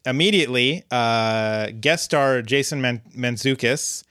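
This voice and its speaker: A man co-hosting a podcast, recapping an episode in a relaxed way with dry humor and lots of ums. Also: mid-range voice, measured pace, smooth, no echo. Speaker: podcast co-host.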